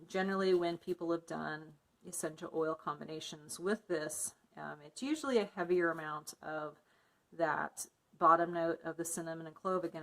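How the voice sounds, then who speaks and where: A woman casually narrating a soap-making tutorial, explaining each step with frequent fillers. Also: fairly low pitch. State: muffled by a face mask. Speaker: soap maker.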